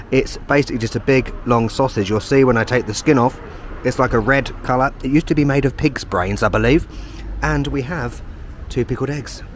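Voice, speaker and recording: At normal speed and in a mid-range voice, a man from London in his thirties, speaking with a London accent, vlogs his travels with cheeky, self-mocking chat on trains, along streets and inside a chip shop. There's a little hiss or hum on the audio.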